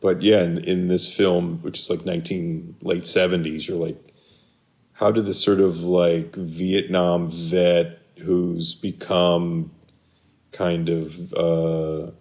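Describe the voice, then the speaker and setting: A man with a very low voice talks films on a podcast in a loose, rambling way. He restarts his sentences and trails off while he hunts for a name he can't recall. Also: little pitch movement, slow, a little mellow. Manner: rambling, searches for names, restarts often. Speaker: podcast co-host. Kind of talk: casual film chat.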